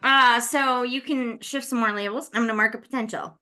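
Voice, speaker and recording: A woman's voice: on the high side, fairly even intonation, fairly quick, bright, forceful tone, smooth, faint music behind. A woman chatting casually as a tabletop game player, playful and laughing often. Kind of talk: casual chat between players.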